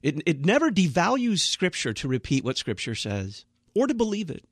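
A man's voice: a little high, wildly swooping pitch, normal speed, breathy edge, dry recording, clean studio sound. A man, a Lutheran pastor, speaking as a guest on a radio talk show, earnest and emphatic with a blunt manner.

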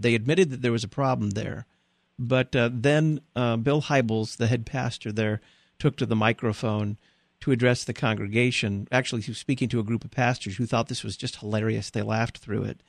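A man telling a story in a relaxed conversational way, pausing with fillers, then asking a question. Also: medium pitch, gravelly, no room sound.

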